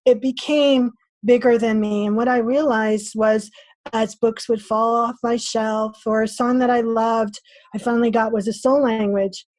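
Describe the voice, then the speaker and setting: Animated, high-voiced woman storyteller. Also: a little slow, no echo. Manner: animated storyteller acting out her own inner voice. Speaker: podcast guest. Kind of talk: casual interview talk.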